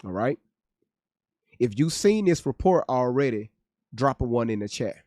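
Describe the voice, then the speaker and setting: A man's voice: mid-range voice, lively intonation, normal speed, dark tone, dry recording, clean studio sound. A man hosting a casual livestream, joking and cursing as he reads viewers' chat aloud. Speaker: livestream host reacting to news.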